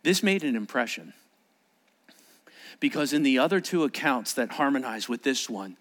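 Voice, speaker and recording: Animated male pastor preaching. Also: mid-range voice, normal speed, long pauses. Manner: animated, acts out shouted quotes. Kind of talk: sermon.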